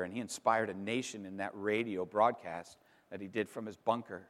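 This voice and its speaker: A middle-aged man preaching an Easter sermon as pastor, emphatic, pausing for effect and repeating words as he builds. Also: lowish voice, steady tone, a bit bright. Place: church sanctuary. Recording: long reverb in a large hall.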